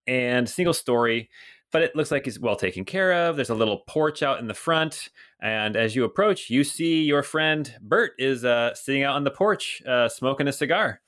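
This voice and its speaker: A man narrating as game master of a tabletop game, slow and deliberate, searching for words as he describes scenes. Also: mid-range voice, fairly bright tone, clear, resonant tone.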